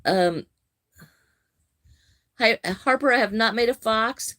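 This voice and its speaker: Greeting viewers by name and replying to their comments without hurry, an older woman keeps up a friendly chat on her crochet live stream. Her voice is on the high side with a fairly bright tone.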